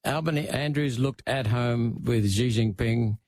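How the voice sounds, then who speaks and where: An Australian man answers in a political interview, blunt and emphatic, hammering points home in short bursts. His voice sits at an ordinary middle pitch. The sound is dry and close, with no room echo. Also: unhurried, darkish tone. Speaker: senator, interview guest.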